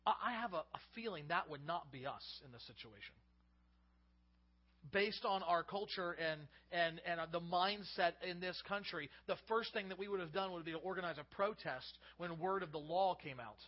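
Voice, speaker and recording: A male pastor preaching a sermon, reading scripture aloud and explaining it in an animated way. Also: high voice, normal speed. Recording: slightly dull lo-fi recording.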